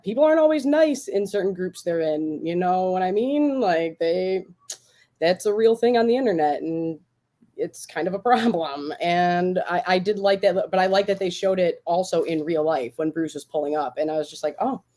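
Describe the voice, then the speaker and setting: Woman, lowish voice, animated, restarts often, casual podcast chat. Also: normal speed. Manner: animated, acts out quotes, many restarts. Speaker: podcast co-host.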